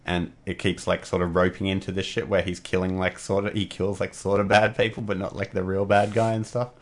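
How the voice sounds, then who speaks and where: A man's voice: sits low, little pitch movement, fairly quick. A man co-hosting a podcast, chatting in a rambling, profane, laid-back way. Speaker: podcast co-host. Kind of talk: casual chat.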